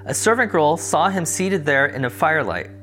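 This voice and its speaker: A man's voice: a little high, lively intonation, normal speed, bright, forceful tone. A man teaching a Bible study lesson, reading the passage and then explaining it in a conversational way. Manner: conversational, explains context in plain terms.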